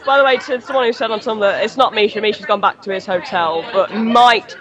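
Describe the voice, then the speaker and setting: A woman's voice: mid-range voice, fairly quick, highs cut off. A woman co-hosting a podcast, chatting from a fan convention with casual asides. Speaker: podcast co-host reporting live from a fan convention. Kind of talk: casual chat. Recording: live from a convention, crowd noise.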